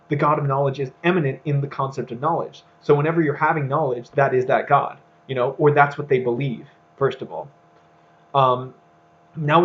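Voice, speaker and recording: A man's voice: mid-range voice, muffled recording. A man co-hosting a casual podcast discussion, thinking aloud with many fillers and restarts. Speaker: podcast co-host.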